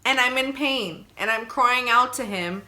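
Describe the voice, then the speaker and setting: A young woman casually telling her birth story to her viewers, chatty and animated, acting out her own crying and pleading. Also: a little high, a little slow. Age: young adult.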